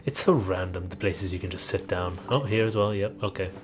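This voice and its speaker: A man's voice: low-pitched, a little fast. A man streaming a game, making dry, sarcastic comments as he plays. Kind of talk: casual gameplay commentary.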